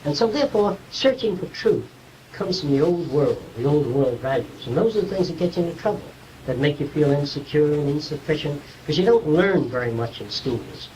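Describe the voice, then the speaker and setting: A man's voice: a little high, expressive, brisk, mellow, recorded from a distance, slight background noise, poor audio. A man giving an informal, conversational lecture to a small group, explaining ideas and checking whether his listeners follow.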